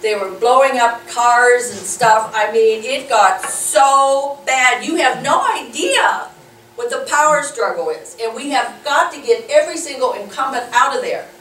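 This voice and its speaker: A woman's voice: a little high, a little slow. A woman speaking to a group about organizing, informal and fervent, acting out what others said. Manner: animated, fervent, acts out quotes. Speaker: local political organizer speaking at a meeting. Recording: echoey room, mic far off, faint noise.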